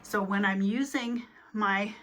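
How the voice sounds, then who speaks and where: A woman's voice: medium pitch, slow pace. A woman casually giving a tour of her home craft room, rambling through lists of supplies with many fillers, a little out of breath. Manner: chatty, rambling, listing items with fillers. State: slightly out of breath. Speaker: craft vlogger.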